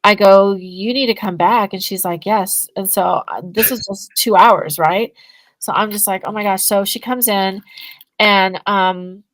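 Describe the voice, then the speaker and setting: A woman, a guest on a podcast interview, telling a story in a casual, animated way and acting out both sides of the conversations. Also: mid-range voice, unhurried, no room sound, low-quality recording. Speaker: guest, energy healing business owner.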